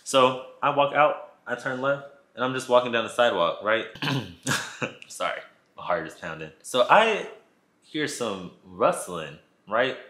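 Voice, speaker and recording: A man's voice: mid-range voice, lively intonation, a little slow, pushed and bright, echoey room. A man vlogging a casual storytime, retelling events dramatically and talking straight to his viewers.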